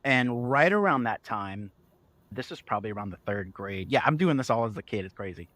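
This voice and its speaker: Man, guest author, storytelling, animated, acts out voices, laughs often, dry close sound. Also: lowish voice, brisk, no echo. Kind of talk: conversational storytelling.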